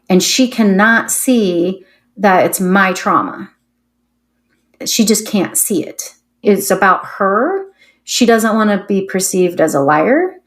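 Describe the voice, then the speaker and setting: A middle-aged woman tells an emotional personal story as an interview guest. She speaks candidly, with quick asides and short laughs. Her pitch sits in the middle for a woman.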